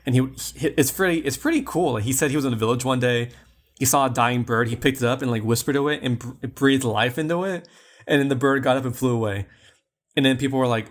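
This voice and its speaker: A man talking casually on a podcast as co-host, rambling through a film review. His delivery is loose and chatty, full of "like" and restarts, at a moderate pitch. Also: a little fast.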